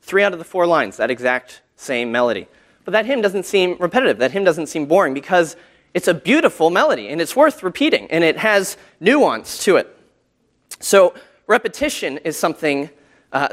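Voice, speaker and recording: A man's voice: fairly high pitch, a bit bright. A man teaching a church class about hymn tunes, talking casually, with fillers, and humming short melody examples.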